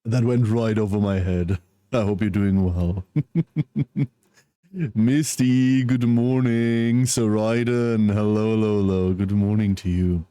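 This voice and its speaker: Groggy, low-voiced man streaming. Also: steady tone, takes it slowly, clean tone, no room sound, clean studio sound. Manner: soft, apologetic, greets viewers one by one. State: groggy, just woke from a nap. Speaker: livestreamer. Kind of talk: casual livestream chat. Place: at home, wrapped in a blanket.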